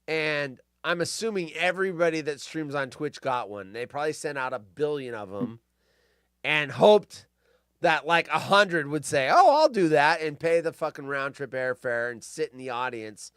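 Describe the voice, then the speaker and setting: A man's voice: on the high side, animated, moderate pace, a bit bright, clean tone, no room sound, studio quality. A man in his fifties, a podcast host telling stories in a casual, profane rant and mocking people with put-on voices. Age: 50s.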